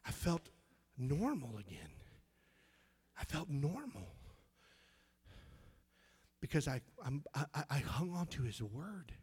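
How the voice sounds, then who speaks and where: High-voiced fervent male preacher. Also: very animated, slow, long pauses, husky. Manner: fervent, swings from loud exclaiming to soft near-whisper; repeats words and restarts when moved. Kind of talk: sermon.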